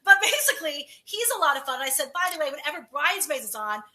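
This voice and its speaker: A woman's voice: sits high, big pitch swings, fast, pushed and bright. A woman entertainment correspondent chatting casually and gushing about new films. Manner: bubbly, gushing. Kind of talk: casual news chat.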